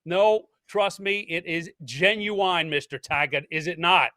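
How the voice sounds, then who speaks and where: A man's voice: high-pitched, measured pace, bright, forceful tone, no echo. A man hosting a podcast in casual chat, upbeat and jokey, often repeating words as he starts a sentence. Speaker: podcast host.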